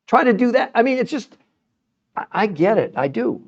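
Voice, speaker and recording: A man's voice: sits high, big pitch swings, normal speed, dull audio. A middle-aged man hosting a health show, talking passionately to viewers in a livestream and repeating himself as he argues a point. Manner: passionate, emphatic, argumentative; repeats words and restarts when fired up. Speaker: health show host answering viewer comments. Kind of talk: livestream talk.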